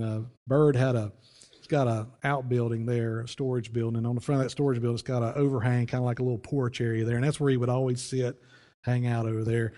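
Folksy preacher in a reverberant church. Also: male voice, medium pitch, warm tone. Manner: folksy, conversational, many restarts. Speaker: pastor. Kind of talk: sermon storytelling. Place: church sanctuary.

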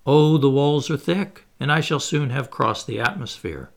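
A man's voice: mid-range voice, normal speed, natural voice. A man reading a bold, unflappable adventurer. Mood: assured. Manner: cheerful, assured, explanatory. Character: confident witty male adventurer, unflappable.

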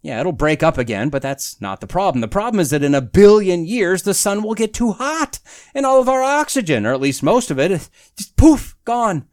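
A man's voice: high-pitched, sing-song, brisk. A man hosting a solo podcast, talking through articles and reading quotes aloud with wry, sarcastic asides. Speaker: podcast host.

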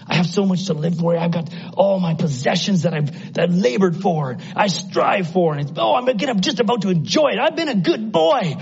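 A man's voice: fairly quick, gravelly, hardly any pauses, slightly rough, lo-fi sound, full character voice. A man preaching who voices a self-satisfied rich young man protesting that he has kept every rule. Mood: boastful. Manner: high, excited, protesting voice.

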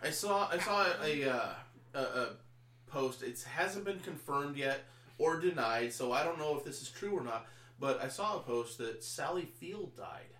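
A man chatting with friends, telling animated stories and acting out the lines he quotes. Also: a little high, normal speed. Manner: animated storyteller, acts out quotes. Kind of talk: casual group chat. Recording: echoey room.

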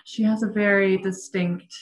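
A woman's voice: medium pitch, level tone, moderate pace, poor audio. Chatty giggly woman just hanging out talking, lots of ums and likes. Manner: giggly, chatty, many fillers. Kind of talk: casual chat.

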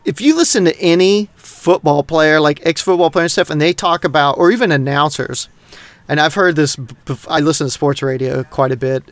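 A middle-aged man from North Texas rambles through a casual podcast chat, swearing constantly. His voice sits a little high for a man and comes across smooth and clear. The sound is dry and close. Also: fairly quick, no room sound. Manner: rambling, heavy swearing, animated. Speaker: podcast co-host.

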